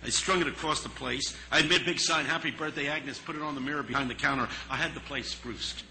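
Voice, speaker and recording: A man telling a story in a sermon, earnest and dramatic, pausing for effect. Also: mid-range voice, vocal fry, pushed and bright, slight background noise, rough recording.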